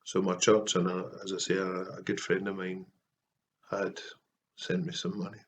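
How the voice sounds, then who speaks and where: Man, Scottish accent, low-pitched, soft-spoken, earnest, casual vlog to camera. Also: little pitch movement, a little hiss or hum. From Scotland. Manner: soft-spoken and earnest, with frequent pauses and fillers. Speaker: Christian artist vlogger. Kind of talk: casual heartfelt talk to camera.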